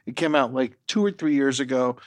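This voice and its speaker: A man's voice: medium pitch, expressive, fairly quick, dry recording. A young man co-hosting a podcast, rambling and joking with some profanity. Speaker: podcast co-host. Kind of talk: casual chat.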